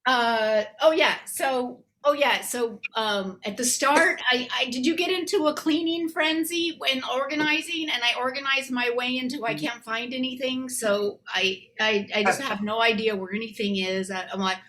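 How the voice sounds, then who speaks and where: A woman's voice: on the high side, steady tone, normal speed, hardly any pauses, sharp tone. A woman doing a rambling, self-deprecating stand-up set over a video call from her apartment, full of fillers and restarts. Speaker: comedian.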